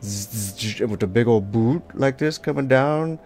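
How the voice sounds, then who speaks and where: Gravelly laid-back man drawing along. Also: medium pitch, unhurried, a little mellow, soft background music. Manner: rambling, loose, full of "like" and sound effects. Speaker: art teacher. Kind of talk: casual draw-along tutorial.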